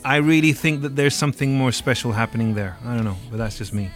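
A man's voice: mid-range voice, fast talker. A man co-hosting a podcast, chatting casually and opinionated about music, digressing and laughing easily. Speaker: podcast co-host reviewing an album. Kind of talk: casual chat.

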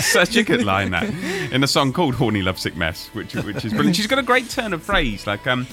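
A man co-hosting a podcast, reviewing an album in casual chat with dry, wry humor. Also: mid-range voice.

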